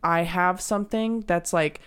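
A woman's voice: on the low side, steady tone, a little slow, fairly bright tone, smooth. A young woman in casual podcast chat, talking candidly and rambling, swearing often.

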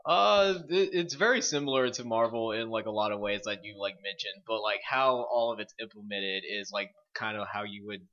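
A man with a lowish voice co-hosts a casual gaming podcast, explaining things in a relaxed way. The audio is dull and lo-fi. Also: moderate pace, hardly any pauses. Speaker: podcast co-host.

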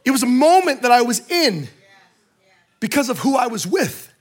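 High-voiced man telling a funny sermon story. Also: moderate pace. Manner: lively, joking, conversational asides. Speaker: speaker at a church service. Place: in front of a live audience in a room.

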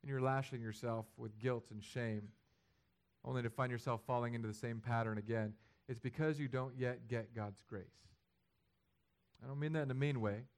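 Male pastor, sermon delivery, mid-pitched, swings from conversational to loud emphatic peaks. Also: steady tone, normal speed. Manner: rises to loud, high-pitched emphatic passages; acts out imagined prayers and quotes.

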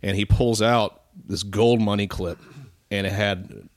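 Low-voiced man telling a rambling story. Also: steady tone, a little slow, no room sound, studio quality. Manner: profane, rambling, mimics people in his stories. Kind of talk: casual storytelling.

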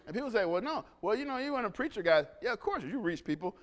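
A man preaching a lively sermon, telling stories and calling the congregation to respond. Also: high-pitched, fast talker. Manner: animated, call-and-response with congregation.

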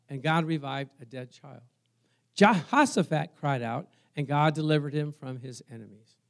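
A man pastor preaching a sermon in a church, conversational, calling for amens and swinging from soft asides to loud exclamations. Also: fairly high pitch.

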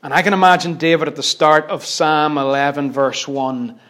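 A middle-aged man preaching a sermon, impassioned, swinging between loud declarations and hushed lines. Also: on the high side, steady tone, normal speed.

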